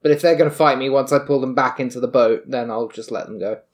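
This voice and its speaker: Guy playing a tabletop game, middle pitch, calm and plain. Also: fast talker. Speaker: player.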